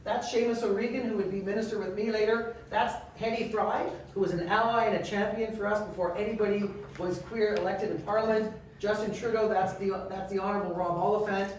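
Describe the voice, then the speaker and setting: A Canadian man speaks as a guest, telling lively stories and acting out the voices of the people in them. He is picked up by a distant mic in a very echoey room, and a faint noise runs underneath. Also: sits high, a little fast, few pauses. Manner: animated, acts out quoted dialogue. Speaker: guest speaker, member of parliament. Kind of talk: storytelling talk.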